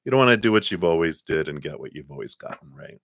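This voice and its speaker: Male tarot reader on a livestream, low-pitched, rambling and good-humored, dry close sound. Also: lively intonation, quick pace, fairly bright tone, no room sound. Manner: chatty, laughs often, trails off with fillers. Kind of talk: live-streamed tarot reading.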